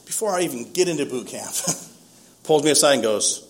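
A man's voice: mid-range voice, lively intonation, brisk. A man in his fifties from San Diego, telling his own story in a casual, self-mocking way and laughing often. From San Diego, East County. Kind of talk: casual first-person storytelling.

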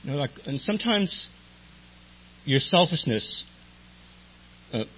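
A man's voice: fairly high pitch, big pitch swings, takes it slowly, husky. A middle-aged man telling a humorous personal story about his recovery, wry and self-mocking, with many "and, um" fillers. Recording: dull lo-fi recording with faint hum.

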